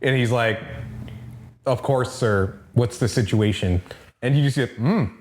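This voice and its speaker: A man's voice: mid-range voice, a little slow. A man co-hosting a comic book podcast, chatting casually and loosely with easy laughs. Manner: laid-back, laughs easily, loose asides. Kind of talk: casual chat.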